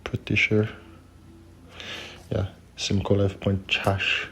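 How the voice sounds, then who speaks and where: A man's voice: on the low side, completely flat delivery, slow, gravelly, fairly bright tone, faint music behind. A man telling a personal story in a casual, rambling, slangy way, laughing at it now and then.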